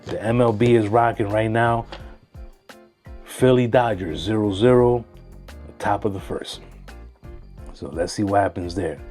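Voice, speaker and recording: A man casually talking through sports picks on his own channel, slangy and animated, dropping Spanish phrases. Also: lowish voice, unhurried, pauses often, soft background music. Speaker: sports vlogger.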